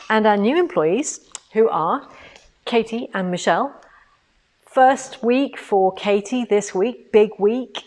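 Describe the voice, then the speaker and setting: A woman's voice: mid-range voice, slow pace, darkish tone. A woman hosting a casual live stream from an indoor showroom, chatty and bubbly, laughing often. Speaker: host.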